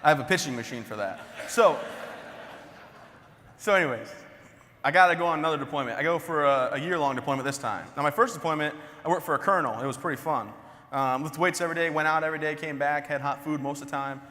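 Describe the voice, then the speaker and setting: A man's voice: fairly high pitch, fast, sharp tone. A young man giving a comedic keynote speech, telling stories and laughing at his own jokes. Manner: joking, self-mocking, laughs at his own lines. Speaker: keynote speaker. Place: large hall on stage. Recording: hall reverb on stage.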